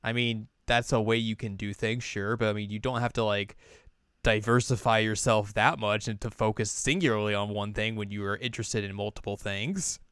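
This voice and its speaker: Guy voicing a calm blonde girl, musing and measured, low-key. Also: clean tone, no room sound, studio quality, natural voice.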